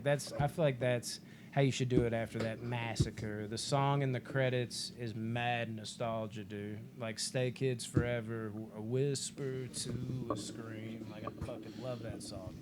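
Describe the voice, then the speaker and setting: A man co-hosting a casual movie podcast, rambling excitedly, swearing often and acting out movie lines. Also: mid-range voice, noisy background. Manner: rambling, excited, swears a lot, acts out quotes. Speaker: podcast co-host.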